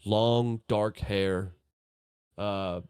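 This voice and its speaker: Chill guy running a tabletop game, slow and low, swears a lot, dry mic. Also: fairly even intonation, darkish tone, clean tone, no room sound. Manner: laid-back, profane, rambling. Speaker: game master.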